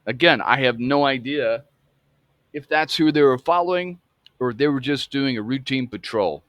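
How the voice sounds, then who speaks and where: A man in his fifties from Atlanta recounts a personal memory to camera. He speaks earnestly and haltingly, often restarting his phrases. His voice sits at a middling pitch, recorded dry and close. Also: fairly bright tone, no room sound. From Atlanta, Georgia. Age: 50s. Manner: earnest, halting, repeats himself.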